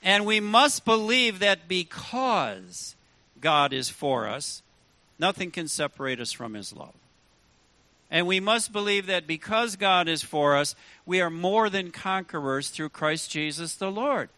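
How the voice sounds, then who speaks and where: A man's voice: high voice, sing-song, unhurried, sharp tone, no room sound. A man preaching a sermon as pastor, emphatic and full of rhetorical questions to the congregation.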